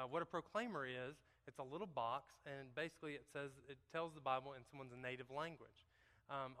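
A man's voice: a little high, sharp tone, clear, resonant tone. A man giving a folksy, joking testimony to a church congregation, talking straight to the crowd. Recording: long hall reverb.

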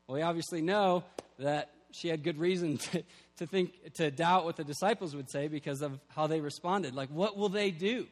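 A man's voice: on the high side, fairly even intonation, normal speed. A young man preaching a sermon, earnest and building to emphatic peaks. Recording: long hall reverb.

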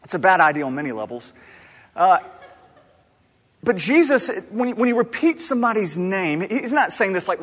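A man's voice: high voice, a little fast. Male pastor preaching in a reverberant hall. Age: adult, married. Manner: conversational, animated, with frequent restarts. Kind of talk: sermon.

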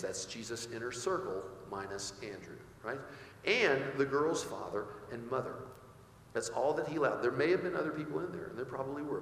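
A male pastor preaches in a church sanctuary, frequently putting rhetorical questions to his congregation. His mid-range voice has a fairly bright tone, with a little hiss or hum. The hall is echoey with faint ambience.

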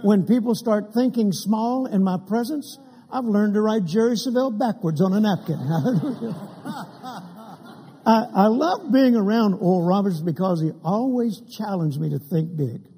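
A man's voice: sits high, animated, unhurried, mellow. An older man preaching a sermon, telling humorous stories and acting out the quotes of the people in them. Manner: humorous anecdotes with acted quotes. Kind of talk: sermon storytelling. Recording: long hall reverb.

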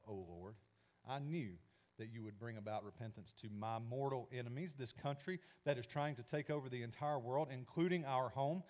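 An angry prophet sulks and complains in bitter bursts, as a male preacher reads his lines. His voice sits at an ordinary middle pitch for a man. He sounds indignant and resentful throughout. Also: darkish tone, natural voice.

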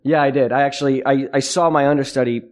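A man's voice: mid-range voice, steady tone, quick pace, a little mellow. A young man, an actor, chatting casually in an interview, rambling with lots of fillers and frequent laughs. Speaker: actor guest.

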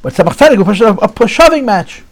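A man telling a Chassidic story to an audience in an animated, repetitive storytelling manner. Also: high voice, fast. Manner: animated storyteller, repeats phrases, drops into Yiddish.

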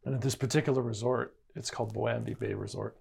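Gravelly man telling an earnest story. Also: mid-range voice, fairly even intonation, fast talker, a little mellow. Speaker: co-host. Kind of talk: casual Bible-study chat.

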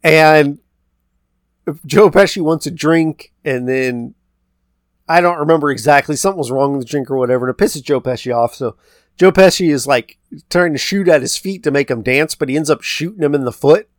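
A man's voice: fairly high pitch, normal speed, dry recording, clean studio sound. A man co-hosting a podcast, loosely retelling a film's plot in a rambling, casual way and quoting characters. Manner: rambling, retells scenes with quoted lines. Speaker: podcast co-host. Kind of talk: casual movie recap chat.

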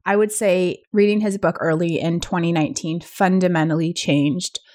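A woman's voice: on the low side, fairly even intonation, normal speed, darkish tone. A woman co-hosting a podcast in casual chat, talking with lots of fillers and asides. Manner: chatty, many fillers like "like". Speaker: podcast co-host.

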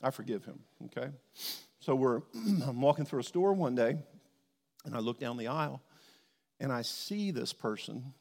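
A man's voice: medium pitch, creaky, dark tone, big-room sound. A man preaching a sermon as a pastor, telling a personal story and acting out his conversations with God.

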